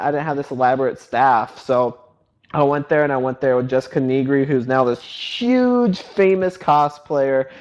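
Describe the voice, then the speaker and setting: A young man in his twenties, a website founder and podcast host, telling stories in a casual, excited, rambling way full of filler words. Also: medium pitch, poor audio. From North Carolina, US. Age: 20s. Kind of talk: casual storytelling chat.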